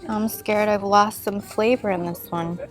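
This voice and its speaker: A woman's voice: mid-range voice, fairly even intonation, a little slow, soft background music. A young woman vlogging as she tastes food, talking casually and humming between bites. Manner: enthusiastic, savoring, murmurs and hums between bites. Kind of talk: casual food tasting vlog.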